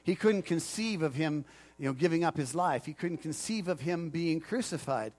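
Fairly high-voiced pastor preaching casually. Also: male voice, expressive, normal speed, a little mellow. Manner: conversational, jokes with the congregation. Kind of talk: sermon.

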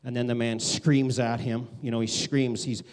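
A man preaching a conversational sermon, animated, acting out quoted voices with big swings. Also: medium pitch, normal speed. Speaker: pastor.

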